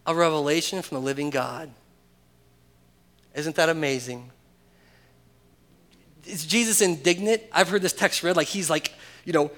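A man preaching a sermon to his church congregation. He swings between loud, emphatic calls and hushed, intimate asides, and peppers the crowd with rhetorical questions. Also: on the high side, expressive, moderate pace, long pauses. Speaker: pastor.

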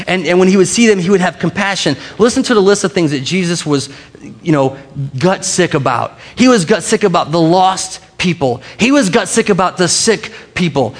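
A man with a fairly high voice preaches a sermon. He talks casually, often restarting his sentences, and playfully gets the congregation to repeat a word with him. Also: in a large hall. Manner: casual, conversational, with frequent restarts. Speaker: pastor.

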